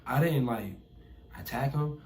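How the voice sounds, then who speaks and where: A young man telling a story in a casual chat, animated, swearing and acting out the people he quotes. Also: medium pitch, a little slow. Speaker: podcast guest, artist. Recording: roomy echo.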